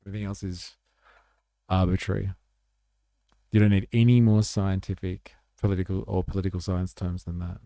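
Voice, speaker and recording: Gravelly man, casual livestream host. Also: sits low, flat delivery, moderate pace, pauses often, dark tone, no room sound, clean studio sound. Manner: blunt, swears freely, chatty with many "like" fillers. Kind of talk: casual livestream chat, reading viewer comments.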